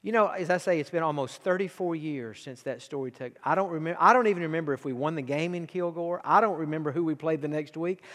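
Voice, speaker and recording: A man in his forties with an East Texas accent, preaching a sermon in a folksy storytelling way that drops to a near hush and swells into fervent exhortation. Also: fairly high pitch, quick pace, hardly any pauses, in a large hall. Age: 40s. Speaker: pastor.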